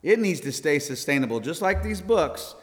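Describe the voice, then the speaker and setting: An American man speaks as a missionary to a church congregation, earnest and folksy, and he laughs often. His voice sits a little high for a man. The room behind him is a church hall, and it rings with a long reverb. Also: lively intonation, normal speed. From United States.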